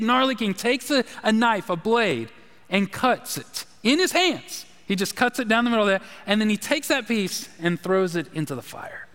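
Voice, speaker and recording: A man preaching a sermon as a pastor, chatty and animated, asking the congregation questions. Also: extremely high pitch. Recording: long hall reverb.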